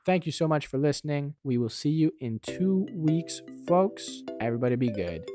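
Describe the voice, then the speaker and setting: Animated, theatrical male podcast co-host. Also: fairly high pitch, music in the background. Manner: theatrical, drawn-out teasing delivery. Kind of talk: playful comedic chat.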